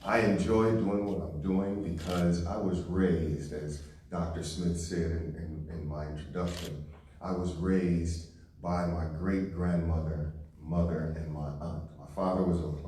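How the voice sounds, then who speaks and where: A man from St. Louis giving a keynote speech to a live audience, telling stories in a warm, conversational way. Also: sits low, a little hiss or hum. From St. Louis, Missouri. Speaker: keynote speaker. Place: large hall with live audience. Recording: echoey hall, voice from a distance.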